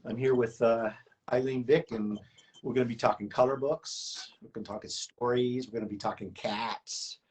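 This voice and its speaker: A man speaks as a guest on a live online stream with an ordinary mid-range voice. He is relaxed and easygoing, chatting casually. He sounds like he is on a computer mic during a video call. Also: medium pitch, moderate pace, breathy edge. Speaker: guest artist. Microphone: webcam or computer mic on a video call.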